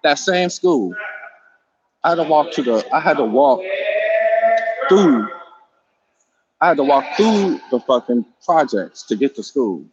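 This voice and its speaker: A man from East Oakland, California, hosting a casual chat and telling stories in a profane, laughing, animated way into a handheld phone at home. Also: fairly high pitch, a little slow, pauses often, lo-fi sound, heavy background noise. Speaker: host.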